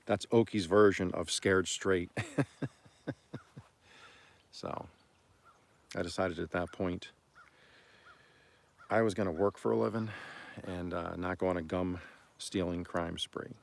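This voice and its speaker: A man from Oklahoma hosting a homestead livestream, telling stories in a rambling, folksy way and often clearing his throat. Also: deep voice, steady tone, takes it slowly, pauses often. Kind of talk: casual storytelling on a livestream.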